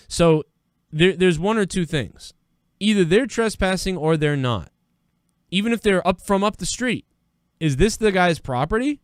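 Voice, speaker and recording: A man's voice: on the high side, clean tone, dry recording, clean studio sound. A man hosting a live news-reaction stream, talking in a rambling, profane, conversational way. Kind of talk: casual live-stream commentary.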